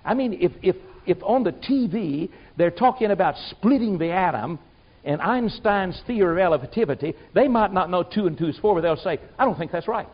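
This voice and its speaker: A man preaching a sermon in a folksy, emphatic way, swinging between loud exclamations and quiet asides. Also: high voice, expressive, moderate pace. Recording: muffled lo-fi sermon recording.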